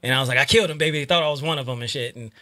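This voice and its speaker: A man telling a long, profane, animated comic story in casual chat with friends. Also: medium pitch, very fast, dry recording.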